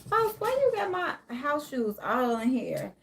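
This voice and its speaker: A woman's voice: high-pitched, sing-song, unhurried, gravelly. A woman hosting a casual live tarot stream from home. She rambles in a loose, down-to-earth way and greets her viewers by name. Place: home, near a closet.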